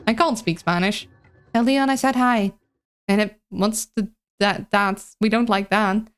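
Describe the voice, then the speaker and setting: A hoarse woman streamer chatting casually, crude and self-deprecating while reading a game aloud. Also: medium pitch, steady tone, a little slow, faint music behind. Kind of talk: casual chat.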